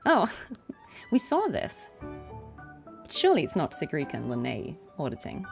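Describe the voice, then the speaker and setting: A woman's voice: low-pitched, huge pitch swings, unhurried, vocal fry, faint music behind. A woman with a neutral RP English accent chatting as a voice actor while streaming a game, laughing often. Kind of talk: casual stream commentary.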